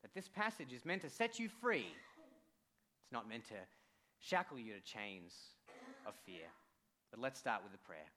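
A young Australian man preaching a church sermon as an intern, jokey and animated, with sudden quiet drops. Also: mid-range voice, normal speed, long pauses.

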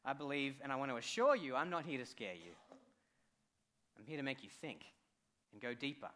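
A young Australian man preaching a church sermon as an intern, jokey and animated, with sudden quiet drops. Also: mid-range voice, brisk.

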